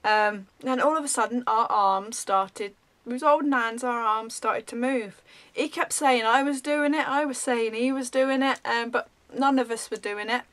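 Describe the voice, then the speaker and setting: A woman vlogger telling a story in a rambling, animated way, full of ums. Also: on the high side, moderate pace. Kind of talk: casual storytelling.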